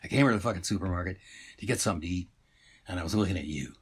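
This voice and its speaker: A man playing a flustered shopper who blurts out excuses in a rushed, half-hushed way. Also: low voice, animated, vocal fry, breathy edge, heavily acted. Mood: exasperated. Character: uneasy middle-aged shopper blurting excuses.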